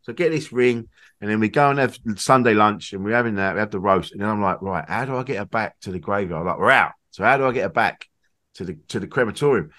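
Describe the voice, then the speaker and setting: A man with an English accent, a podcast guest telling a story in casual chat, lively and swearing freely while acting out quotes. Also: lowish voice, fast.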